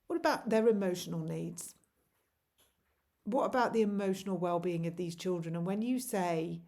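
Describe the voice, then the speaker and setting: A woman's voice: medium pitch, fairly quick, darkish tone. A woman in her forties, a parent vlogger, delivers an impassioned, pleading monologue to camera full of rhetorical questions.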